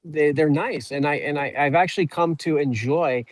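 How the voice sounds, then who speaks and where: A man who owns an auto repair shop, speaking as a guest on a webinar and telling a story in a halting way, often repeating words as he starts a sentence. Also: on the high side, no room sound, rough recording. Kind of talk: conversational storytelling.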